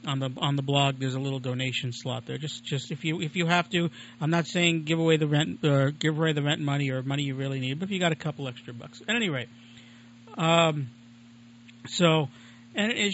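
A man's voice: a little high, fairly bright tone, slight background noise. A man hosting his own home-made radio show, talking in a chatty, digressive, self-deprecating way. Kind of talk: casual rambling monologue. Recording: lo-fi muffled recording.

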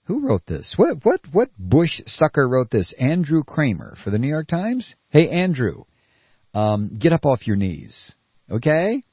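A man reads a news story aloud and breaks into sarcastic, mocking asides. His pitch sits a little high and leaps all over the place. The recording is dry and dull, with a lo-fi sound. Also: huge pitch swings, a little slow, slightly rough, dry recording. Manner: swings from shrill mock surprise to low muttering. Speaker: political commentary host. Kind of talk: sarcastic commentary reading a news article.

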